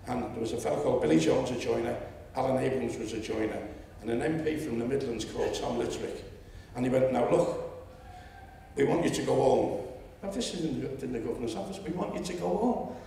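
A man in his seventies with a Liverpool accent, telling a story at a public meeting and rising to loud indignation. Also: medium pitch, a little fast, gravelly, slight background noise. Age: 70s. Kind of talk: impassioned public speech. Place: lecture hall. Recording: echoey hall, distant mic.

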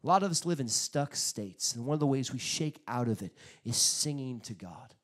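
Animated male pastor preaching. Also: medium pitch, normal speed. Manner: animated storytelling with sudden loud bursts; acts out quotes in his stories. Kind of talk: sermon.

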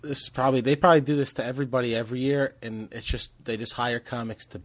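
A man's voice: mid-range voice, steady tone, fast. A man co-hosting a casual podcast chat, blunt and profane, often stammering on his words.

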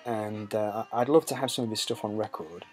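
Host, man, lowish voice, rambling casual music chat over faint background jazz. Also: fairly quick, darkish tone. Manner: rambling, many ums and uhs. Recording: music playing behind.

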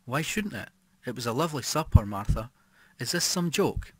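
A man's voice: mid-range voice, lively intonation, normal speed, fairly bright tone, slightly rough, no room sound. A man reading the part of a nervous, frightened unfaithful husband in an audiobook. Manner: uneasy, frightened.

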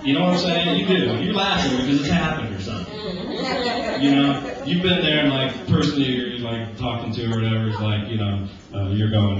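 A man in his forties preaching a casual, conversational sermon. He jokes and acts out everyday conversations in lively voices. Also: mid-range voice, a little fast. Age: 40s. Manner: animated and joking, acting out everyday dialogue. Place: church sanctuary. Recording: echoey church, distant, dull lo-fi with hiss.

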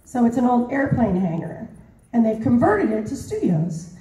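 A woman voice actor telling stories at a convention panel, animated and laughing, with many fillers. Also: a little high, normal speed. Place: large convention hall. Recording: roomy hall, mic far off.

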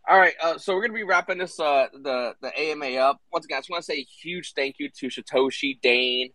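Bright-voiced man hosting a casual call. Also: on the high side, quick pace, dry recording, rough recording. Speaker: host. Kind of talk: casual chat on an online audio call.

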